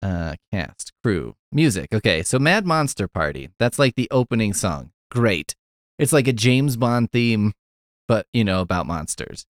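Low-voiced man rambling through a movie review. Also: sing-song, measured pace, dry recording, studio quality. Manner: rambling, profane, wry. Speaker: podcast host.

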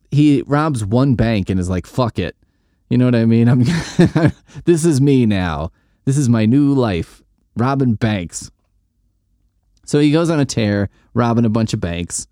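A man in a dry, close podcast recording recaps comics in a loose, profane, joking ramble. His timbre is mellow and dark, but his pitch swings widely as he riffs. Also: sing-song, measured pace, no echo. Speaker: podcast host. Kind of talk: casual comic book recap chat.

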